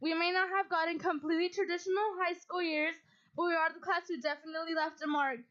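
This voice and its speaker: Tearful, bright high-voiced teenage girl. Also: steady tone, quick pace. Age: teens. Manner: tearful, laughing through emotion. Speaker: graduating student speaker. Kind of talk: graduation welcome speech. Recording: dull lo-fi sound.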